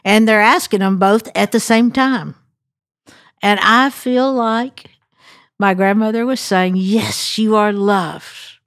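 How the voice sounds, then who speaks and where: A woman's voice: fairly high pitch, slow pace, clear, resonant tone, dry recording, clean studio sound. An older woman co-host telling a family story as a devotional reflection, acting out the voices she quotes. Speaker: podcast co-host.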